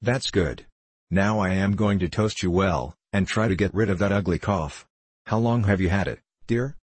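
A man voicing a warm, cheerful, motherly woman with a brisk, kind way of speaking. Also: deep voice, breathy edge, no echo.

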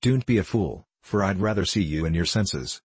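A man's voice: low voice, expressive, normal speed, slightly rough, no echo. A man reading the part of a jovial, good-natured older locksmith teasing his household. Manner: hearty, teasing storyteller.

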